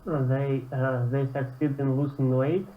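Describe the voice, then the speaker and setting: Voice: mid-range voice, level tone, a little slow, slight background noise. A student reading grammar examples aloud hesitantly, with fillers, during an online lesson. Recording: tinny phone-like line, echoey.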